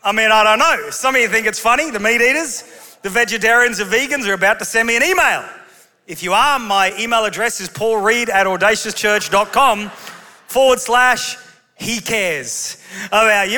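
A man's voice: very high voice, lively intonation, moderate pace, bright, forceful tone. A male pastor preaching a sermon to his congregation with humorous storytelling. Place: large church auditorium. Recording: long hall reverb.

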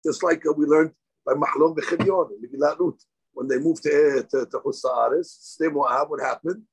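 A man's voice: on the high side, normal speed, husky, low-quality recording. A man teaching a live Talmud class. He reads Aramaic lines aloud, explains them in English, and rises sharply on key points. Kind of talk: daily Talmud class lecture.

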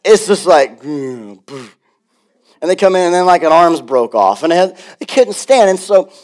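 Animated man preaching a sermon. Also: high-pitched, moderate pace. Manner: animated, conversational preaching with asides. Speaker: pastor.

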